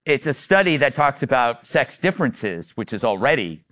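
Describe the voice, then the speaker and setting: A man's voice: mid-range voice, very animated, fairly bright tone. A man hosting a panel talk show, joking with his guests in casual banter. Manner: joking, quick to laugh.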